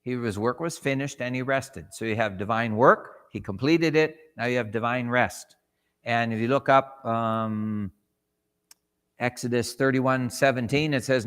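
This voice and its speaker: A man's voice: medium pitch, unhurried, a bit bright, clean tone. A man teaching a church Bible class, conversational, asking the class questions and acting out short quotes. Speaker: Sabbath school teacher. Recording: long hall reverb.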